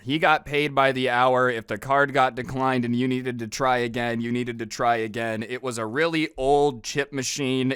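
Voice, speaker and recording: Sarcastic storytime guy, smooth voice. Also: mid-range voice, fairly bright tone, dry recording, clean studio sound. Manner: sarcastic, conversational. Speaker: storytime narrator. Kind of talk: casual storytime narration.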